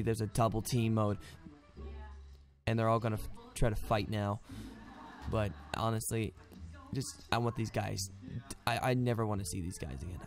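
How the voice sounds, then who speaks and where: A man's voice: lowish voice, creaky, darkish tone. A man ranting furiously over his gameplay at home, swearing constantly and stammering through restarts. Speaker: gaming video creator. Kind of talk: gameplay commentary rant.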